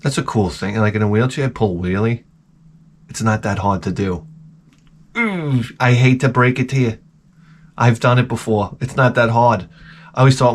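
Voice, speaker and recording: A middle-aged man hosting his own channel, giving a crude, profane comedic rant that swings from mutters to shouts. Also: medium pitch, normal speed, long pauses, a little hiss or hum. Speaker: channel host.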